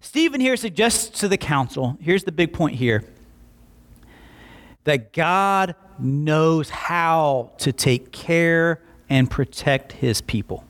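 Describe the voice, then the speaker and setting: A man preaching a Bible-teaching sermon in an animated way, acting out quick voices for emphasis. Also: a little high.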